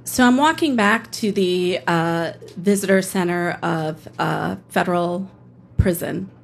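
A woman, a public defender, telling a personal story on stage in plain, steady narration. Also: fairly low pitch, unhurried, vocal fry, slight background noise.

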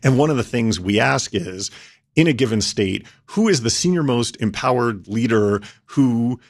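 A man answering interview questions, laying out his points in a measured, methodical way. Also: medium pitch, expressive. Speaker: policy expert guest.

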